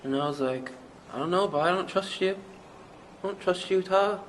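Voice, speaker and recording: An actor with a Newfoundland accent playing a young small-town rapper who rambles through a hazy, profane story in an interview. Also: male voice, high voice, moderate pace, natural voice, poor audio. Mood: rambling. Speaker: mockumentary interviewee.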